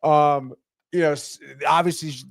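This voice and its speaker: A man's voice: on the high side, steady tone, moderate pace, dry recording. Rambling, profane guy recapping a show. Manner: profane, rambling, says "dude" and "whatever" a lot. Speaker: podcast co-host. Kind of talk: casual chat, retelling a TV episode.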